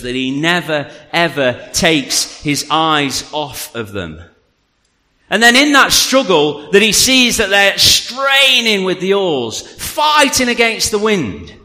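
A man preaching in a church, his fairly high, bright voice ringing through a large hall with a long reverb. He moves from lively, loud storytelling to a hushed, earnest plea. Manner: animated and loud in storytelling, dropping to a quiet, earnest hush for the appeal. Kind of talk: sermon.

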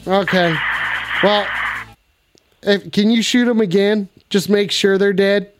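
A man's voice: sits high, fairly even intonation, slow, over music. A man hosting a casual call-in show, talking in a put-on cowboy drawl and playing it up for laughs. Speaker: host of a call-in stream. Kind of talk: casual live call-in chat.

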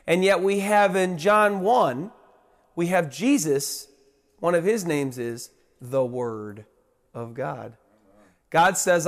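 A man preaching a sermon as a pastor, reading scripture and building to emphatic rises before dropping to a quiet hush. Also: on the high side, takes it slowly, big-room sound.

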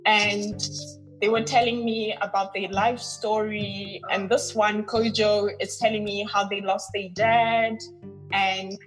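A woman, a podcast guest, tells her story with heartfelt emphasis and often repeats words for weight. Her voice sits at an ordinary middle pitch, with faint music playing underneath. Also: little pitch movement, slow, poor audio. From North West, South Africa. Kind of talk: personal storytelling in an interview.

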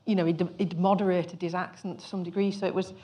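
A woman's voice: lowish voice, level tone, quick pace, warm tone. A woman director speaking on a panel discussion, thoughtful and often restarting her sentences.

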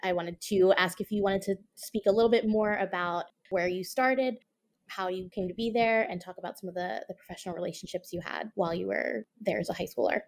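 A woman host asking an interview question in a slow, careful way. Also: mid-range voice, creaky.

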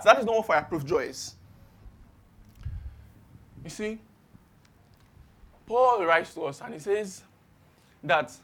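Lively high-pitched Nigerian male preacher, young, rhetorical questions. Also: slightly rough. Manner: animated, rhetorical questions to congregation. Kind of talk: sermon.

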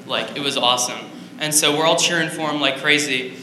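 A man telling an excited, rambling church testimony full of fillers. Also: mid-range voice, a little fast. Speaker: student sharing a testimony. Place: church sanctuary. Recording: echoey hall, faint noise.

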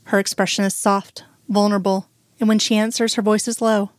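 Brief: female audiobook narrator, mid pitch, dry close mic, unhurried. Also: level tone, no echo.

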